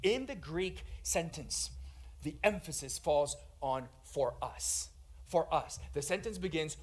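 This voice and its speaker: A man preaching a sermon, swinging from loud emphatic lines to hushed quiet ones and calling his listeners "guys". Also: a little high, lively intonation, slow.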